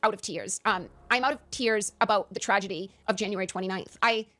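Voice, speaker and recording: Brief: woman interview guest, emphatic and animated, quick delivery with stammered restarts. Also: medium pitch. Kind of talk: candid interview answers.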